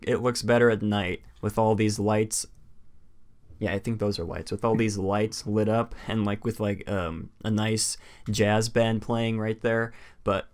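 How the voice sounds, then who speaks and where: Young male podcast co-host, lowish voice, rambles with hiccups. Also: unhurried. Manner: rambling, many fillers and restarts. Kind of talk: casual chat.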